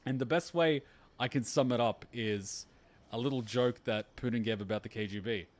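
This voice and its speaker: A man's voice: medium pitch, moderate pace. A young man streaming a game reaction, chatting casually, rambling through a long story with swearing and laughter. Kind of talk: casual chat over gameplay.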